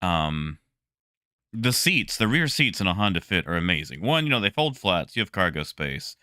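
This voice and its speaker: A young man casually chatting with his stream viewers, relaxed and talkative, greeting people by name. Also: low-pitched, normal speed, smooth, no echo, studio quality. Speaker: livestreamer.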